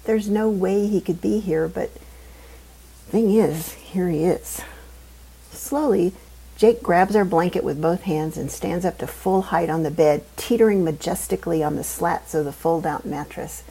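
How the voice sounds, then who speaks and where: Woman reading a funny novel aloud, deadpan and wry, husky kinda dark voice. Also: fairly low pitch, unhurried, rough recording. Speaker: audiobook narrator. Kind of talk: first-person scripted narration.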